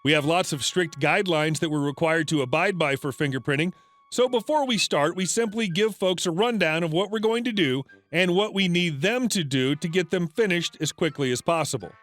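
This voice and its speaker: A man's voice: fairly high pitch, brisk, fairly bright tone, no echo. A man narrating a retail story in a scripted, matter-of-fact reading. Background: faint background music.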